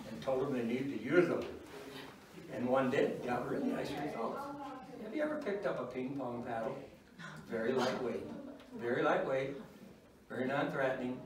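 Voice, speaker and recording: A man's voice: mid-range voice, a little hiss or hum. An older man teaching a church class on parenting, folksy and wry, chuckling at his own stories. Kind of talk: informal church class talk. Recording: echoey room, mic far off.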